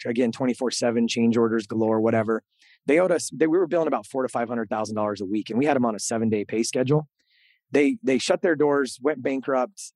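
A middle-aged man recounting his own story on a podcast, earnest and animated, doubling back on words as he talks. His voice sits at an ordinary pitch for a man. He is recorded on a close, dry mic with no room sound. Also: no room sound. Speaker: podcast host being interviewed. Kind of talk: candid storytelling interview.

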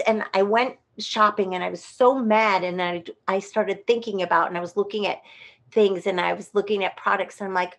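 A woman tells a story as a guest in an easygoing conversation. She is lively and theatrical, jumping into the voices of the people she quotes. Her pitch sits in a middle range for a woman. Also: normal speed, breathy edge. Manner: animated, acts out quoted voices. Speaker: guest performer.

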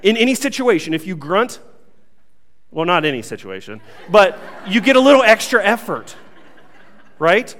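A young male pastor with a somewhat high voice tells a self-mocking story to his congregation. His delivery is lively and playful. The sound carries a long reverb from a large hall. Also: normal speed, pauses often. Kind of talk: sermon with humorous story.

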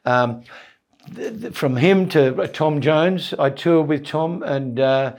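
An older man with an Australian accent telling jokey anecdotes in an interview, animated, with stammered restarts and quick voice impressions. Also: a little high. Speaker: comedian, guest.

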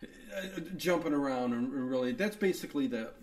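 A man's voice: medium pitch, expressive, a little fast, darkish tone. A man co-hosting a casual movie review chat, rambling with many restarts and fillers. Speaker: podcast co-host. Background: co-host talking along.

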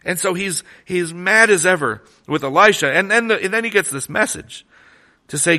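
Bright-voiced man preaching a sermon. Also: high voice, moderate pace. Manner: animated storytelling, conversational with restarts. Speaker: pastor.

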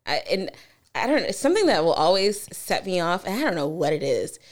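A woman's voice: fairly low pitch, sing-song, a little fast. A woman co-hosting a casual chat who talks frankly and swears casually. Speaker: podcast co-host.

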